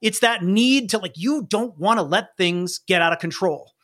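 A man's voice: high voice, normal speed, a bit bright. A man running a tabletop role-playing game as game master, chatting casually and laughing often. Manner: casual, laughing, restarts mid-sentence.

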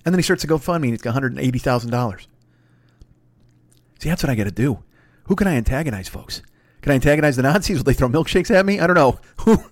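A middle-aged man hosting a podcast, telling stories in a crude, swearing, animated comedic rant. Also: mid-range voice, fast, long pauses, no echo. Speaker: podcast host.

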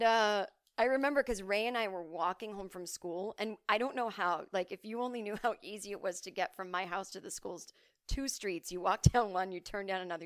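A woman's voice: mid-range voice, no room sound. A woman in her forties talks straight into a close, dry mic with no room sound. She tells stories from her childhood in a loose, rambling way, swears freely, and breaks off into asides. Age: 40s. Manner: rambling, profane, animated storytelling with asides. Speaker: podcast host. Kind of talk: solo storytelling podcast.

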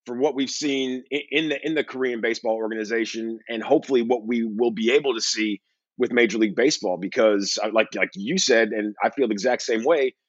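A man's voice: mid-range voice, brisk, no echo, muffled recording. A man hosting a sports podcast, chatting casually with lots of fillers. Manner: conversational, rambling with fillers. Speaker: podcast host.

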